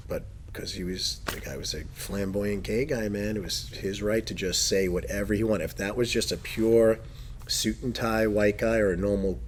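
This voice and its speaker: Low-voiced, animated middle-aged man. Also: slight background noise. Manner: animated, profane storyteller who laughs often. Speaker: podcast host. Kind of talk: casual chat.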